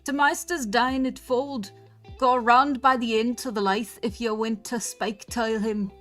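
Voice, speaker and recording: A woman reading aloud and voicing a grumpy old male farm servant, stretching out his broad rural dialect slowly and loudly. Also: sits high, soft background music, pitched above the performer's own voice. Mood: gruff. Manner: broad rural dialect read out phonetically, slow and loud.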